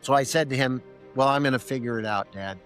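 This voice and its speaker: A man's voice: mid-range voice, quick pace, soft background music. A middle-aged man, a podcast guest, telling a personal story and acting out both sides of a remembered conversation. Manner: animated, acts out both sides of remembered dialogue.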